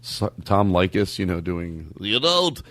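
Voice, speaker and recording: A man's voice: sits low, unhurried, no echo. A man hosting a comedy podcast in casual chat, telling rambling stories and acting out quotes. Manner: animated, rambling storytelling with acted-out quotes. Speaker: podcast host.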